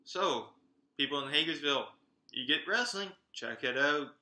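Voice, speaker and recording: A man giving a chatty, excitable roundup of upcoming wrestling events and talking straight to his viewers. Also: on the high side, moderate pace, roomy sound. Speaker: wrestling vlogger.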